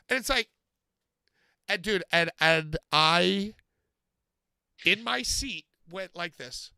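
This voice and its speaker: A man telling a story on a podcast, animated, swearing often and acting out moments. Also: high voice, slow, vocal fry, pauses often, clear, resonant tone, dry recording. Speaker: podcast co-host. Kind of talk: casual comedic storytelling.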